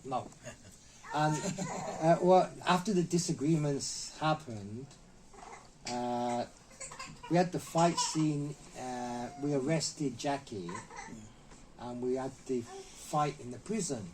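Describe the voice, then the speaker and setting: A man's voice: mid-range voice, slow, noisy background. A middle-aged man, a martial artist guest in an interview, telling stories animatedly and acting out the quotes in a raised voice. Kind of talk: anecdotal storytelling.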